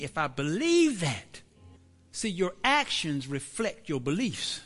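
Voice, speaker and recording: A man preaching a sermon in church, dropping to whispers and rising to shouts. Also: high-pitched, in a large hall. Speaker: pastor.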